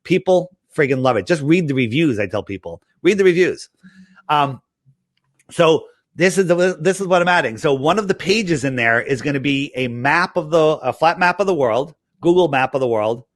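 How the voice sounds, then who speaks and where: A man in a casual interview with a slightly high voice, close and dry with no room sound. He tells rambling stories and acts out what other people said, full of restarts. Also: moderate pace, no room sound. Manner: animated storyteller, acts out quoted dialogue. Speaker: interview guest promoting his app.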